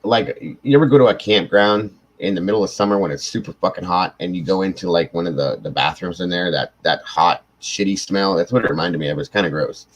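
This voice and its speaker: A livestream host with a very low, deep voice, tired after hours on air. He rambles through stories in loose, casual chat and swears freely. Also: fast talker, hardly any pauses, low-quality recording. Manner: rambling, profane storytelling.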